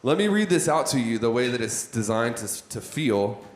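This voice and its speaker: A man's voice: mid-range voice, very animated, moderate pace. A man leading a live workshop on content creation for a room of listeners, talking conversationally and putting questions to the audience. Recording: echoey room.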